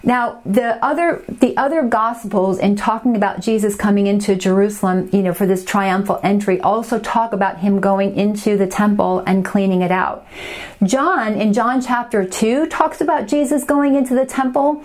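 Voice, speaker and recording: A woman's voice: mid-range voice, moderate pace, darkish tone. A young adult woman teaching a Bible study, reading scripture passages aloud and then explaining them in a conversational way.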